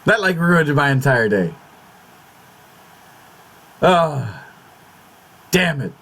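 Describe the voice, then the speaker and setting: Agitated man ranting in a lively voice. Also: fairly high pitch, very slow, vocal fry. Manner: swears a lot, repeats and restarts words in agitation; fretful, exclamatory. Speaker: YouTube channel host. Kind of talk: casual vlog talk.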